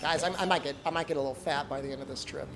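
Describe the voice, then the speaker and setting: A man streams a game while chatting casually and cracking jokes, rambling and using "like" constantly. His voice is on the high side and steady in tone, rapid-fire, with background noise behind it.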